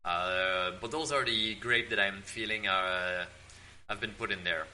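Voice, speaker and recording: A man hosting his own vlog, tasting wine at home in his apartment and talking in a relaxed, rambling way with many fillers. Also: lowish voice, a little slow, a little hiss or hum, low-quality recording. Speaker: host of a drink-tasting channel.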